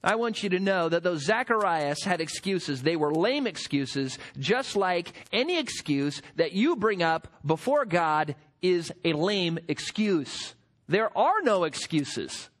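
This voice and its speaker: A man preaching a sermon, emphatic and building to forceful peaks. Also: high-pitched, very animated, unhurried. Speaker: pastor.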